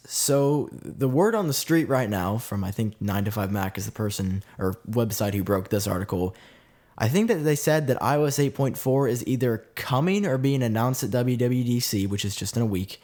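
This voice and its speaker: A man hosting a casual tech podcast, lively and quick to jump between points. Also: lowish voice. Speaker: podcast host.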